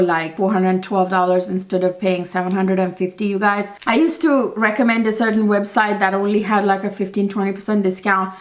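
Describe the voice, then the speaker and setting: A woman reviewing fragrances in a chatty vlog, gushing and often turning to her viewers. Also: medium pitch. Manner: chatty, gushing, keeps addressing viewers as you guys.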